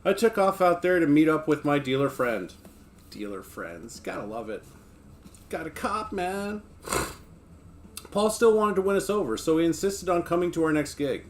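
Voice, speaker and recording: A man streaming casually, joking with his viewers and reading a book aloud between chats. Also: mid-range voice. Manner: laid-back, joking, talks to chat between passages.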